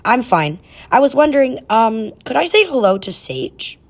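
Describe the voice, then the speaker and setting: Lady doing a jittery little boy, kinda high, earnest. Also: big pitch swings, moderate pace. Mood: nervous. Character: young boy, nervous and eager.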